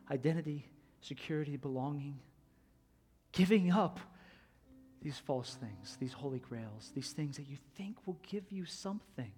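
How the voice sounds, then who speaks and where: Earnest preacher with a fairly high voice. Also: male voice. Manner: earnest storytelling, rises to near-shouts retelling a film scene; drops to soft, slow delivery on reflective lines. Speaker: pastor. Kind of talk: sermon.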